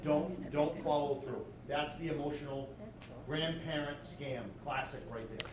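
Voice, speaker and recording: A man's voice: a little high, unhurried, distant mic. A man giving practical advice at a community talk on scams, acting out a fake phone call along the way. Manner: direct and practical, acts out scam calls. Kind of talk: informal safety advice talk. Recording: roomy sound from away from the mic, faint background noise.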